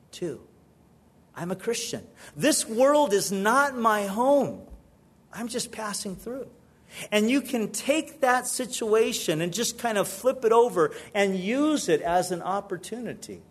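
A male pastor preaching a sermon in church, telling stories in a conversational way with frequent restarts. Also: sits high. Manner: animated, conversational storytelling with repeated restarts.

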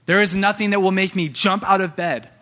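A pastor, a father of young sons, preaching a sermon in an animated way and often addressing the church directly. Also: high-pitched, a little fast. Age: young adult to middle-aged, father of young sons.

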